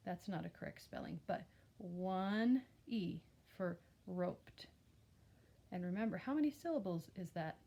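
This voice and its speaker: A woman's voice: fairly low pitch, expressive, vocal fry, warm tone, husky. A young American woman teaching a phonics lesson to young children, patiently sounding out each word. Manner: slow, patient, sounds out words.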